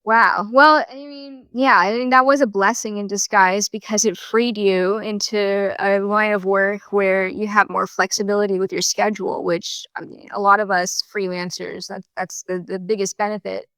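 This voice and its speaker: Smooth-voiced woman podcast host. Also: medium pitch, flat delivery, moderate pace, hardly any pauses, sharp tone, no room sound, studio quality. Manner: friendly, conversational, reactive. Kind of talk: casual interview chat.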